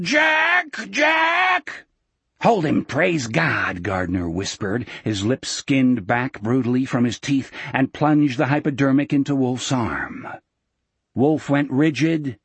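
A man narrating an audiobook in a measured, dramatic storytelling manner. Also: mid-range voice, slightly rough, no room sound.

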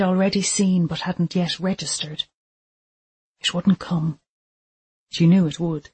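Breathy, measured audiobook narrator. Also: medium pitch. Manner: steady, measured storytelling.

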